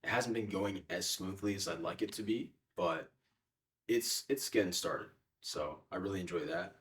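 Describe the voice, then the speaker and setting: A man's voice: sits low, normal speed, fairly bright tone, far from the mic. A young man answering interview questions in a casual, hesitant way with many fillers. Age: young adult.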